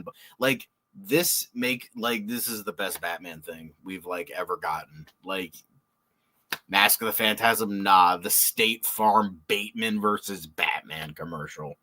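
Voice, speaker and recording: A man hosting a casual reaction show, excitable and rambling, swearing often and laughing. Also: lowish voice, measured pace. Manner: excitable, swears a lot, lots of filler words and laughs. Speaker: podcast host.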